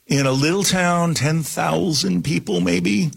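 Gravelly older man telling a story. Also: a little high, a little slow. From New Jersey. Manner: animated, rambling with restarts and asides. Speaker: guest. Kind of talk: casual storytelling on a talk show.

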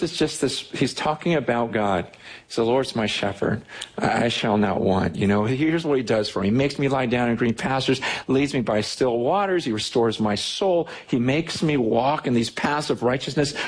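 A man preaching a sermon as pastor, reading scripture slowly and then speaking in an animated way, often repeating words. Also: mid-range voice, husky, poor audio.

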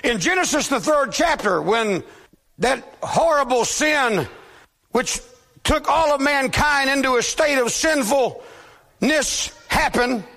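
Male preacher, very high gravelly voice, bright and tense, slow deliberate delivery, emphatic shouting, long church hall reverb. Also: lively intonation. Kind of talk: sermon.

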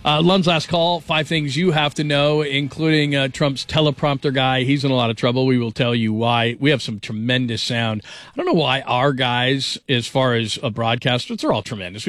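A man's voice: mid-range voice, a bit bright, no echo, studio quality. A man hosting a national sports radio show, enthusiastic and heavy on superlatives.

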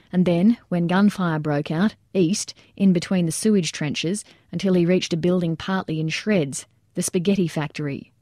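A woman narrates an audiobook in a measured, steady way. Her voice is fairly low and mellow. The recording is dry and close. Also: dry recording.

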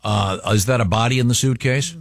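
A man's voice: medium pitch, brisk, dry recording, clean studio sound. A man hosting a radio show, chatting with co-hosts and teasing upcoming news stories with many fillers. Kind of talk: casual morning radio banter. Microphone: studio microphone.

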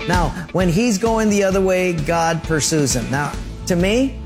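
A male pastor preaching a sermon, telling vivid stories with lively emphasis. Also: high voice, unhurried, over loud music. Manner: animated storytelling preacher.

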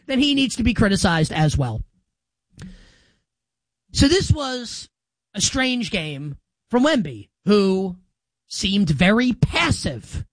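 A man's voice: vocal fry, a bit bright, dry recording. Emphatic sarcastic male sports talk host. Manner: sarcastic and emphatic, with wide swings in pitch. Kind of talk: opinionated sports talk monologue.

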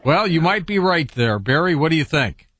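A man hosting a radio call-in show who briskly introduces callers and asks questions. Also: a little high, expressive, fairly bright tone, dry recording. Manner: brisk, friendly, takes calls. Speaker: radio talk show host.

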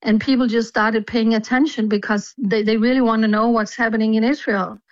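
A woman's voice: on the high side, steady tone, fairly quick, dry recording, muffled recording. A woman from Denmark, a journalist guest, telling her story earnestly with fillers in an interview. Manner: earnest, personal testimony with fillers.

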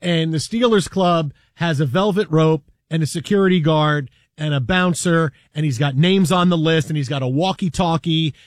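A man hosting a sports talk radio show, bantering in a jokey, quick way. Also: a little high, no room sound, studio quality.

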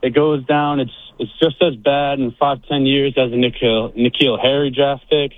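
A man's voice: medium pitch, fairly even intonation, moderate pace, no room sound. A man calling in to a sports radio show, giving strong, emphatic opinions. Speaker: caller. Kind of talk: call-in radio. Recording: phone line.

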